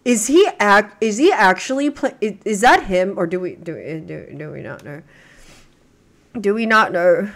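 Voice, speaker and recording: A woman's voice: mid-range voice, lively intonation, normal speed. A young woman reaction streamer chatting at home, gushing and rambling with many restarts. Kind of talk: casual chat.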